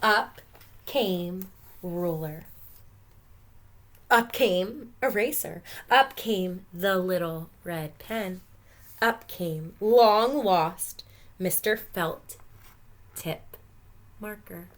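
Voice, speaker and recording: A woman teacher reading a picture book aloud to children, expressive with gentle asides. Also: lowish voice, drawn-out words, long pauses.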